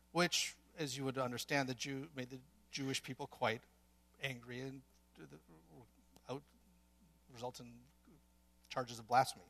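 A man's voice: medium pitch, a bit bright. A man preaching a sermon in earnest, building to emphatic peaks with some restarts.

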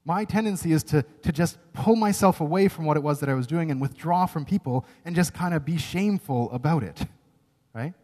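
A man's voice: on the high side, fairly quick, dark tone. A man preaching a sermon, earnest and emphatic, often checking in with "right?". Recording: long reverb of a large hall.

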